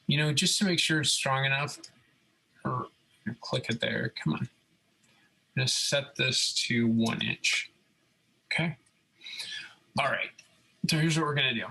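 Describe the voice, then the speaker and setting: A robotics instructor walks through a screen-recorded CAD tutorial one step at a time, often asking listeners "okay?" to check in. His medium-pitched voice is slightly rough and moves at a measured pace with frequent pauses. He explains in a relaxed way, and the recording quality is rough.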